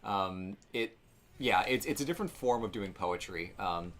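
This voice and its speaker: A man's voice: lowish voice, animated, normal speed, a bit bright, slight background noise. A man co-hosting a casual chat while playing a video game, explaining things at length and restarting his sentences often. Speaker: co-host.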